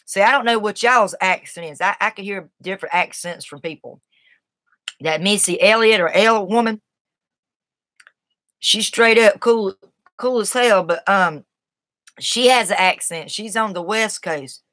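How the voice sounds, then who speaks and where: A woman with a Southern accent talks casually on a live stream in a rambling, folksy way, reacting to her viewers' comments as she goes. Her voice sits at an ordinary middle pitch. The sound is dry and close, with no room echo. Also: measured pace, pauses often, fairly bright tone. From Southern United States.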